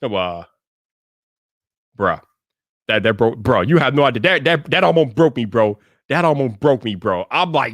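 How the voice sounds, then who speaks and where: A man hosting a tech livestream in casual chat, slangy and emphatic, repeating himself and breaking into loud hype. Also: mid-range voice, normal speed, no echo. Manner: bursts into loud hype shouting.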